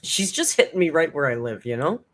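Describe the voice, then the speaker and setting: A woman's voice: low-pitched, sing-song, brisk. A woman hosting a live-stream reaction, chatting emotionally with frequent laughter and swearing. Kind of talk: casual live-stream commentary.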